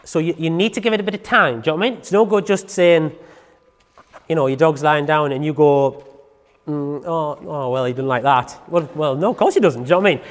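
Brief: man, dog trainer, chatty and clownish, talks fast, reverberant hall. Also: fairly high pitch. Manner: chatty, animated, self-styled clown, repeats "you know what I mean". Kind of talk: informal teaching talk.

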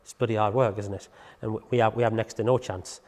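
A man's voice: fairly low pitch, fairly even intonation, fast talker, a little mellow, big-room sound. A man teaching dog training in a casual, chatty way, often checking in with the listener.

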